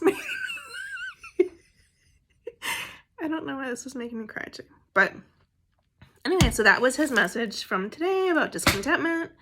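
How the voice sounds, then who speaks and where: Woman vlogger, rambling and emotional, casual chat at a middle pitch. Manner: rambling, emotional, soft-spoken at times.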